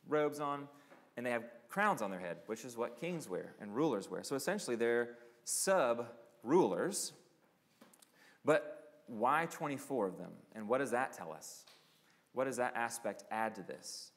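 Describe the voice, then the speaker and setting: A man preaching a sermon as pastor, earnest and questioning, who often drops to a hushed voice. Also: medium pitch, lively intonation, normal speed. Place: church sanctuary. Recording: long reverb of a church sanctuary.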